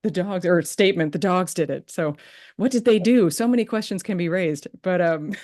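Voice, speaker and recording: A woman's voice: on the low side, moderate pace. Chatty woman podcast host. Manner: chatty, laughing, animated storytelling. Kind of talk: casual interview chat.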